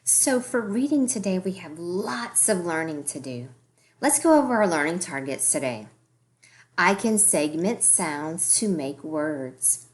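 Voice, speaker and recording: A woman's voice: lowish voice, lively intonation, a little slow. A woman teaching a recorded early-grade reading lesson, encouraging the children and sounding out words letter by letter.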